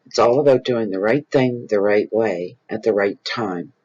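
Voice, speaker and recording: Expressive man, husky and low. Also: moderate pace. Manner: expressive, rambling, repeats phrases for emphasis. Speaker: tarot reader and channel host. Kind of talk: casual improvised spiritual talk to viewers. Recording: dull lo-fi recording.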